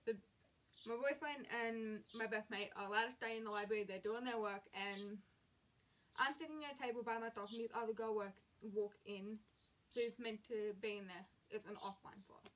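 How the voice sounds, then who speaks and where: A young woman in her late teens vents through a storytime rant, her voice sitting a touch high. She retells each clash with emphatic exasperation, leaning hard on the words that annoyed her. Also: moderate pace. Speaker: vlogger.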